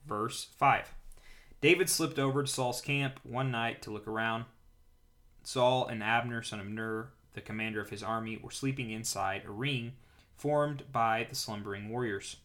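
A man hosting a daily Bible reading, reading passages aloud and paraphrasing them in a relaxed, conversational way. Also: medium pitch, measured pace. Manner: conversational, paraphrases in casual speech. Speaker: podcast host reading scripture.

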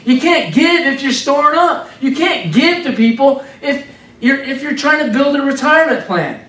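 A man preaching an informal, animated sermon in a conversational way, repeating words for emphasis. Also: extremely high pitch, moderate pace, far from the mic. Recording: roomy sound from off the mic.

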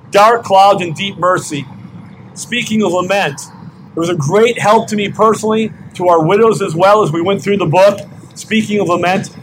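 An older man, a grandfather, preaching a sermon with slow, emphatic repeated questions. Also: high-pitched, fairly bright tone, a little hiss or hum, rough recording. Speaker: pastor. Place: outdoor parking lot service.

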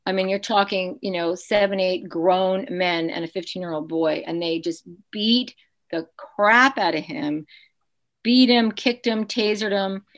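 A woman's voice: medium pitch, unhurried. A woman in her fifties, a podcast guest, telling a painful personal story in an earnest, emotional way with frequent restarts.

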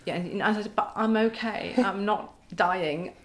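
A woman's voice: medium pitch, a little slow. A middle-aged woman, a podcast guest telling stories in casual chat with wry humour and frequent laughter.

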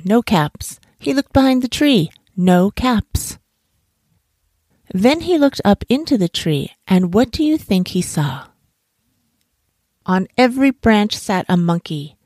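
A woman reading a bedtime story aloud in a gentle, soothing, unhurried way. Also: mid-range voice, big pitch swings, no room sound, clean studio sound.

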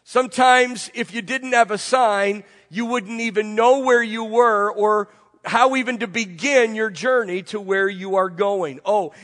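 A man's voice: sits high, a bit bright. A man preaching a sermon with a congested voice, asking the congregation rhetorical questions and building repeated phrases. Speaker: pastor. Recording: long reverb from a large room.

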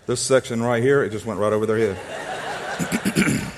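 A man preaching as a pastor, telling humorous stories and acting out little scenes, often repeating words and clearing his throat. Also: fairly low pitch, slow, long pauses, background noise. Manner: repeats words and restarts when excited. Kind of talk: sermon.

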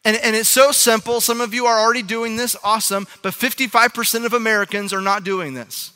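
Bright-voiced male pastor in a reverberant hall. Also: high-pitched, fairly even intonation, brisk, clean tone. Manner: conversational, frequent "right?" asides to the audience. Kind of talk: sermon.

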